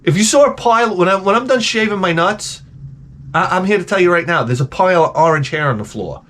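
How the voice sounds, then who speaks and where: A middle-aged man rants through comic stories in a high voice with wild swings in pitch. He exaggerates everything, swears freely and piles up complaints with loud disbelief. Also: brisk, a little hiss or hum. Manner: animated, profane, exaggerated complaining. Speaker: comedic host. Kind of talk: comedic storytelling rant.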